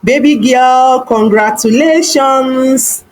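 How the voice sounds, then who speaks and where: Gentle young suitor in an animated story, earnest and slow, voiced by the female narrator. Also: high voice, rough recording. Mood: cheerful. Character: young adult man, tender suitor.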